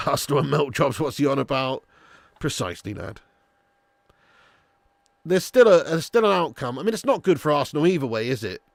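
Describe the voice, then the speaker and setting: A man's voice: a little high, sing-song, brisk, creaky, pauses often, dry recording. A young man hosting a live football watch-along stream, chatting casually with viewers and swearing now and then. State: a little sleepy.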